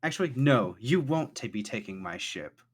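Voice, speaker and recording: A man's voice: mid-range voice, sing-song, moderate pace, slightly rough, pitched above the performer's own voice. A man voicing a timid young woman shipwright who stammers and pleads through tears. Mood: flustered.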